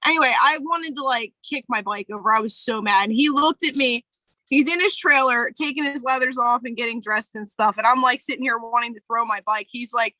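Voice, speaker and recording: A woman with a bright, forceful voice, pitched a little high, talks casually on a podcast. Her storytelling is candid and emotional, full of fillers, and her sound is dry and close. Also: a little fast, no room sound, poor audio. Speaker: podcast co-host. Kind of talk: casual chat.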